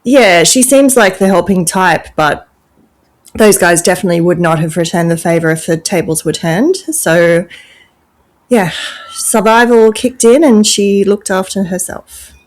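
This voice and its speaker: An Australian woman guesting on a casual podcast, blunt and dry, quick to laugh. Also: medium pitch.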